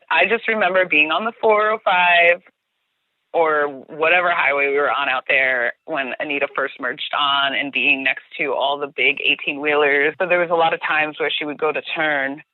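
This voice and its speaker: A woman's voice: low voice, normal speed, no echo. A giggly young woman joins the chat as a guest, talking casually. Her voice comes through a thin, tinny phone line with a dry, close sound. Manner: giggly, chatty. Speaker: podcast guest, tour guide.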